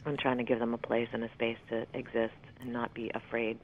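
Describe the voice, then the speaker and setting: A woman's voice: rumbling low, monotone, brisk. A woman in her fifties talks as an interview guest in loose, candid chat. She rambles from thought to thought and swears freely. Her voice comes through a thin, tinny phone line.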